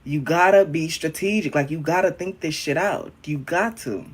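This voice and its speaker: A young man chatting casually on a livestream, frank and profane, calling viewers honey and babe, his voice jumping up and down in pitch and loudness. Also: normal speed, slightly rough. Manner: talks directly to viewers, calling them honey, babe and queen. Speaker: livestreaming social media creator.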